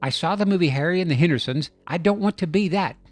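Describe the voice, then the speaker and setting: A man's voice: high voice, fast talker, no echo, faint music behind, close to an everyday voice. A man voicing a grumpy male Bigfoot who scolds kids and later boasts before a fight, in a raised, playful voice. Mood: grumbling. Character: grumpy male Bigfoot, weary and reluctant hero.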